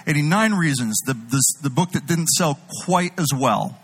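A man preaching a sermon, animated, swinging between loud emphatic bursts and low intimate delivery. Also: moderate pace, breathy edge, low-quality recording.

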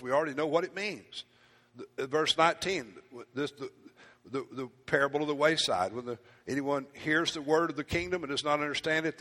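A pastor preaching a sermon, animated and playful, acting out his congregation in asides. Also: fairly high pitch. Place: church hall. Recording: church hall reverb.

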